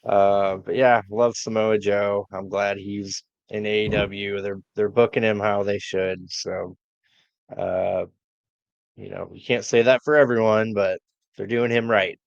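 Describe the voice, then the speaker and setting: A low-pitched man talks slowly and unhurriedly as he recaps wrestling on a podcast, full of relaxed fillers. The sound is dull and lo-fi, dry with no room echo. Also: creaky. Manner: laid-back, frequent "uh" fillers. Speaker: podcast co-host.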